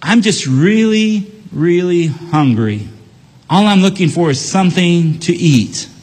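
A man's voice: high-pitched, animated, unhurried, a little mellow, breathy edge, in a large hall, pitched above the performer's own voice, full character voice. A man voicing a polite, hungry male talking bear who coaxes a hunter into a deal. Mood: polite coaxing. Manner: courteous, coaxing.

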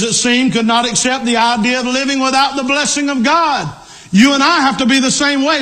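A middle-aged male pastor preaching a sermon, emphatic, repeating key lines and rising to shouts. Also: very high-pitched.

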